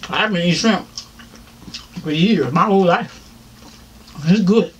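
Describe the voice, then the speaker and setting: Southern man vlogger, high voice, chatty eating-show talk, faint hiss behind. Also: takes it slowly. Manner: chatty, laughing, talks while chewing, addresses viewers as y'all. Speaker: mukbang vlogger. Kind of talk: casual eating-show chat.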